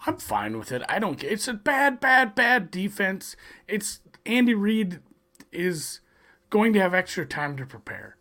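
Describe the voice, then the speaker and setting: A man with a mid-range voice shares quick, offhand picks on a football game. He sounds blunt and unbothered as he talks through the betting line. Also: mid-range voice, fairly bright tone. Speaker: sports betting analyst. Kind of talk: casual sports betting chat.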